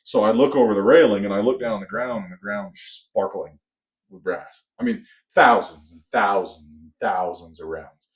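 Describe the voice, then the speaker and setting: A man's voice: lowish voice, normal speed. A man co-hosting a podcast, telling a long story in a casual way and acting out the voices of the people in it. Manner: animated storyteller, acts out quoted voices. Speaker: podcast co-host.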